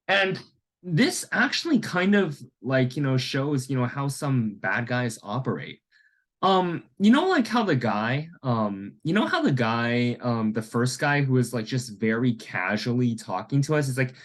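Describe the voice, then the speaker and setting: A man's voice: medium pitch, sing-song, measured pace, fairly bright tone. A young man from Canada telling a personal story in a casual, rambling way, full of fillers. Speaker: vlogger.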